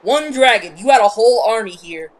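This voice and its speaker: A woman voicing an exasperated female water dragon spirit, loud and indignant. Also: on the high side, lively intonation, brisk.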